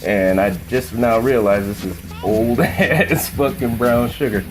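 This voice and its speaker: Over music, a man with a medium-pitched voice speaks a little slowly as he hosts a casual home cooking demo. A profane, laid-back storyteller, he rambles into a joke while cooking at the stove.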